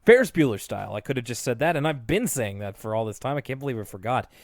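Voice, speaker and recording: A man co-hosts a podcast in a relaxed, rambling way, correcting himself mid-sentence and breaking into laughter. His voice sits at an ordinary pitch, recorded dry and close with no room sound. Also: quick pace, no echo. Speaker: podcast co-host. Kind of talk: casual chat recapping a cartoon episode.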